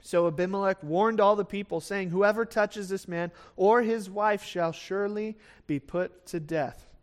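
A man's voice: high voice, measured pace. A man preaching a sermon, reading scripture and explaining it in a conversational way with fillers, and sometimes acting out the people in the story. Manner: expository Bible teaching with acted asides. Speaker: pastor.

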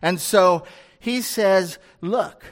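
This pastor's voice sits high and is very animated, though his delivery is a little slow. After reading scripture aloud, he explains it conversationally and asks rhetorical questions.

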